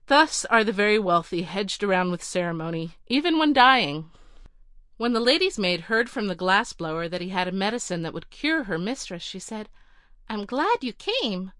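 A woman narrating a storybook in a measured, clear reading. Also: medium pitch, expressive, fairly bright tone, no room sound, studio quality.

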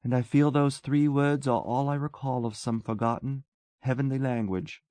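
A man reading a story voices a wistful English gentleman who talks earnestly and tenderly. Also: mid-range voice, steady tone, normal speed, no echo, pitched above the performer's own voice, lightly acted.

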